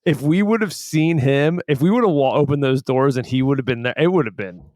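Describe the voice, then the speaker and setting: A man's voice: medium pitch, fairly quick, no room sound, studio quality. Laughing, chatty man on a podcast. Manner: laughs often, animated storytelling with acted-out quotes. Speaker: podcast co-host. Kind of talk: casual chat.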